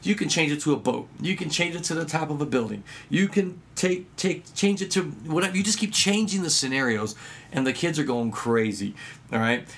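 Animated man sharing kids' ministry tips. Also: a little fast, gravelly. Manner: lively storyteller who acts out dialogue with sudden pitch jumps. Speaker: children's ministry worker and magician. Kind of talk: instructional talk with anecdotes.

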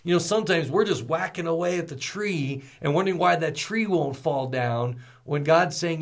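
A man hosting a ministry podcast, talking in an energetic, storytelling way with folksy asides. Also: fairly high pitch, moderate pace, few pauses. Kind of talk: motivational podcast talk.

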